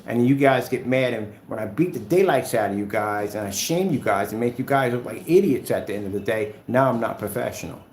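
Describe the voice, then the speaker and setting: A man's voice: medium pitch, expressive, a little fast, few pauses, darkish tone, roomy sound. A man talking off the cuff in a vlog, combative and repetitive, trash-talking his rivals before drifting into loose chat. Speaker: screen paint maker and vlogger.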